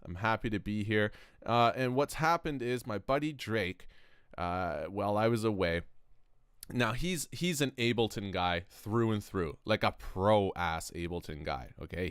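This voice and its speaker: A man's voice: on the low side, smooth, dry recording, studio quality. A man from Canada hosting a music production channel, rambling and joking between stories in a casual vlog. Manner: rambling, self-interrupting, joking. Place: home studio.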